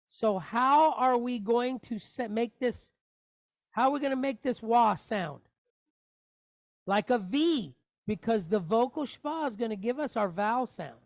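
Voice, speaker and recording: A man with an extremely high voice teaches a Hebrew reading lesson online, with no room sound. He patiently spells out letters and vowels step by step, adding jokey asides.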